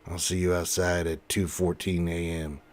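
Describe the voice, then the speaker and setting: A man's voice: deep voice, little pitch movement, normal speed, voice pushed down, close to an everyday voice. A man voicing a folksy cowboy, drawling as he reads out a chat message.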